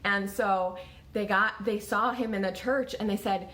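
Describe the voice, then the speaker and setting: A woman in her thirties telling her own story straight to the camera. She talks casually, full of fillers and quick restarts, at an average pitch. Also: fairly even intonation, a bit bright. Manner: conversational, lots of "like" and restarts.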